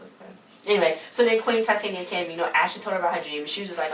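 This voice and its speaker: Woman vlogger, casual exasperated recap, low-set voice, roomy and distant sound. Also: fast talker, a little hiss or hum. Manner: rambling, animated, exasperated recap with slang. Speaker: TV show reviewer. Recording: echoey room, mic at a distance.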